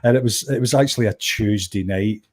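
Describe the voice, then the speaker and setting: Scottish man telling a lively story. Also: fairly low pitch, brisk. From Scotland. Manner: animated anecdote-telling, acts out quoted voices, frequent restarts. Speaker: guest musician and DJ. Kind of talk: conversational storytelling.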